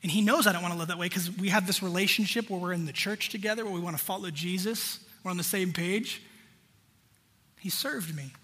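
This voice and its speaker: High, bright-voiced man preaching in a hall. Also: a little fast, husky. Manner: conversational, direct address to congregation. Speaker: pastor. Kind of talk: sermon.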